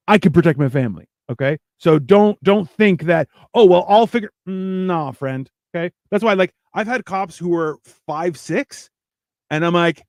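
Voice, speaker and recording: A man's voice: sits high, expressive, normal speed, darkish tone, dry recording, studio quality. Blunt, swearing man on a podcast. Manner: blunt, swears, talks with emphatic repetition. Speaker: host. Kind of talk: casual podcast chat.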